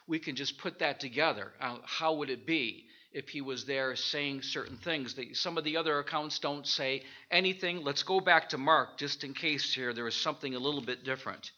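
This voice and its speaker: A man teaching an informal Bible study, thinking aloud with halting restarts and rhetorical questions. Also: medium pitch, sharp tone, highs cut off.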